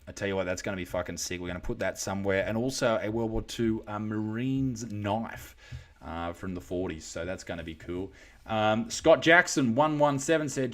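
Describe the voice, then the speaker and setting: An Australian man chatting casually on a live stream, rambling, swearing and reading out viewer comments. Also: fairly low pitch.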